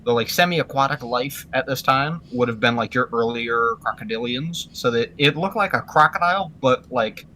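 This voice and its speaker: A man's voice: mid-range voice, normal speed, hardly any pauses, sharp tone, a little hiss or hum. A man chatting casually on a podcast, rambling and searching for words with many fillers. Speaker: podcast co-host. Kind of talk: casual chat.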